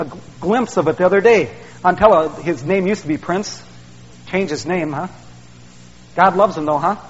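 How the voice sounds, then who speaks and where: A male preacher, delivering a folksy sermon that he peppers with "man" and "see". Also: sits high. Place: church sanctuary. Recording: dull sound, long hall reverb.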